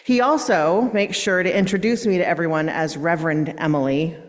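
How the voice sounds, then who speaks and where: A woman's voice: on the low side, fairly even intonation, fairly quick. Woman minister preaching in a reverberant church. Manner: warm, self-deprecating storytelling with asides. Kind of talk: sermon. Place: church sanctuary. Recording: long reverb in church sanctuary.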